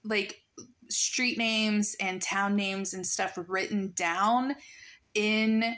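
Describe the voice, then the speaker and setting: A woman's voice: mid-range voice, steady tone, very slow, a bit bright. A woman hosting a podcast interview, chatty and easygoing, with many fillers. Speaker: podcast host.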